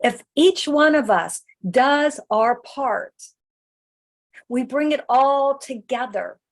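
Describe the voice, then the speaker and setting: Woman minister, sermon, high voice, unhurried emphatic delivery. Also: lively intonation. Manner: slow, emphatic preaching with drawn-out phrases. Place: church sanctuary.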